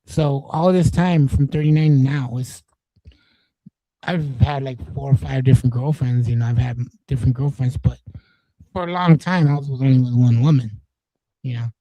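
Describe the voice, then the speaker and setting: A man's voice: mid-range voice, fairly even intonation, normal speed, warm tone, dry recording, low-quality recording. A man in his forties from East Los Angeles, telling stories in casual streamer chat, rambling and swearing, with many restarts.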